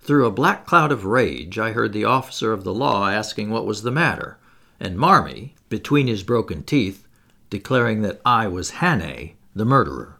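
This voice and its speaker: Male audiobook narrator, low-pitched, lively and dramatic delivery. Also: normal speed. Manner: expressive, dramatic reading. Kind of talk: audiobook narration of a classic novel.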